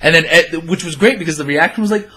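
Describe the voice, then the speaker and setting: A young man co-hosting a podcast, telling a story in casual chat, animated and swearing as he acts out his friends' lines. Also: on the high side, fast, husky. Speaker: podcast co-host.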